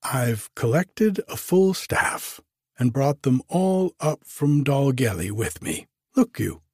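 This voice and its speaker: A woman's voice: rumbling low, big pitch swings, slow, a little mellow, breathy edge, dry recording, studio quality, voice pushed up, heavily acted. A man voicing a cheerful Welsh hotel manageress with a lilting, apologetic way of talking. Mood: relieved.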